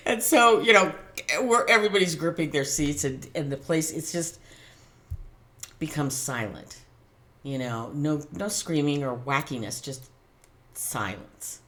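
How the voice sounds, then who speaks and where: Low-voiced woman telling a story casually. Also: normal speed. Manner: animated anecdote-telling with laughs and restarts. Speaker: tarot channel host.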